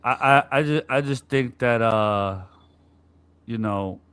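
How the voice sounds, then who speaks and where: Bright-voiced man in animated sports chat. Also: medium pitch, slow pace, clear, resonant tone. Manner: animated, acts out players' griping with profanity. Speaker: podcast co-host.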